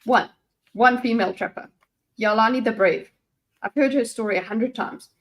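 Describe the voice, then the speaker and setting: A woman's voice: fairly high pitch, normal speed, natural voice. A woman voicing a talkative, educated young captive woman in an amateur fantasy read-aloud, pleading and wry.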